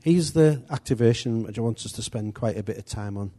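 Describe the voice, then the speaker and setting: A man's voice: lowish voice, brisk, warm tone. A man giving an informal, chatty church teaching, rambling a little with restarts and asides. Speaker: church leader.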